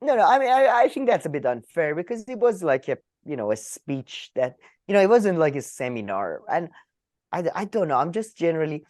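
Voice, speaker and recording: A man co-hosting a casual political chat podcast, animated and laughing often as he talks. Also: a little high, fairly quick, no room sound, clean studio sound. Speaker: podcast co-host.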